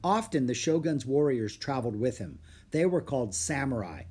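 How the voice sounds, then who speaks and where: Husky man reading a storybook. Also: mid-range voice, moderate pace, hardly any pauses. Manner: lively, expressive reading. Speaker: audiobook narrator.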